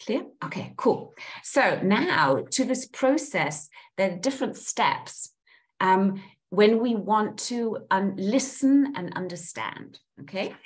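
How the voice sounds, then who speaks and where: A woman's voice: mid-range voice, expressive, takes it slowly. A woman coaching a group on listening skills, animatedly acting out example phrases. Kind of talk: teaching a group session on listening.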